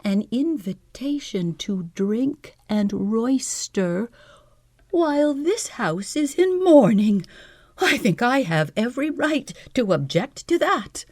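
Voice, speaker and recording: A woman voicing a bitter, spiteful woman in mourning, shrill and accusing in her speech. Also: sing-song, takes it slowly, darkish tone, no echo, full character voice. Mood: indignant.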